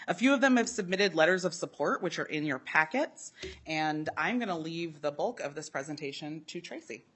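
A woman's voice: low voice, lively intonation, moderate pace, fairly bright tone, husky. A woman legislator presenting a bill to a committee in a friendly, lightly scripted way. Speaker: state legislator.

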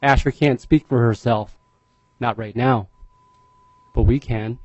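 A man's voice: mid-range voice, fairly even intonation, a little mellow, no room sound. A man giving public testimony as a parent, earnest and openly emotional, stumbling over repeated words. The sound is dry and a little dull, without sparkle. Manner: earnest, emotional, halting repetitions. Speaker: parent testifying at a legislative hearing.

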